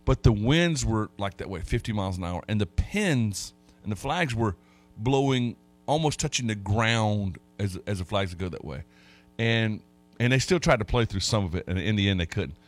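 A man's voice: fairly low pitch, animated, normal speed. Rambling, folksy male radio host. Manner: rambling, folksy storytelling with many restarts. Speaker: radio sports talk host. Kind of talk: casual sports radio chat.

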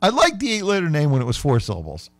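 A man hosting a sports radio show, chatting casually and playfully, sometimes slowing right down to sound out words. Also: fairly high pitch, huge pitch swings, dry recording.

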